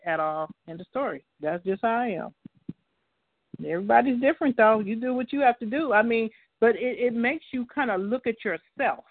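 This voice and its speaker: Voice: medium pitch, no echo. A talk show host speaking bluntly and emphatically, taking calls. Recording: phone line.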